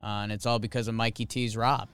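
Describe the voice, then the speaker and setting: A man's voice: on the low side, little pitch movement, quick pace, fairly bright tone, clean tone, no room sound. A man co-hosting a sports podcast, presenting a joking award in casual, playful chat. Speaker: podcast co-host.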